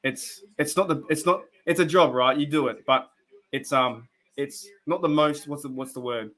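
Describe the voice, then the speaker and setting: A man's voice: a little high, normal speed, a bit bright. A young Australian man hosting a casual live stream, chatting to viewers in a rambling way with lots of restarts and fillers. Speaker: live stream host reacting to football.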